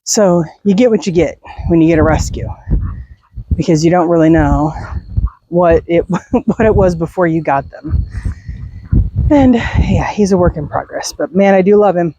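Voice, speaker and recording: A woman's voice: lowish voice, moderate pace, pauses often, dark tone, lo-fi sound. A middle-aged woman chatting casually while walking her dog outdoors at night, laughing and sighing often. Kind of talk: casual walk-and-talk chat.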